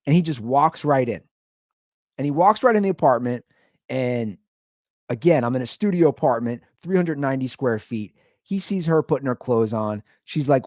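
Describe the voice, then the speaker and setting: A man's voice: medium pitch, lively intonation, moderate pace, a little mellow, no room sound, clean studio sound. A man hosting a comedy podcast, telling a story and acting out both sides of the argument.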